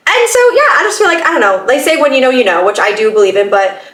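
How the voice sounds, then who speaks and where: A young woman with a fairly high voice tells a personal story in a loose, chatty podcast style, swearing freely and laughing out loud. She sits a bit back from the mic, and the room around her echoes. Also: sing-song, fast talker, few pauses, distant mic. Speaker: podcast host. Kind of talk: casual storytelling.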